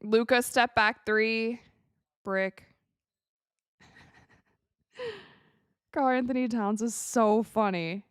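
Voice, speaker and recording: A young woman from the United States hosting a live watch party, chatting casually with viewers and reacting excitably to the game. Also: fairly high pitch, drawn-out words, long pauses, clean tone, no room sound, studio quality. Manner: chatty, excitable, reads viewer messages aloud. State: tired, yawning.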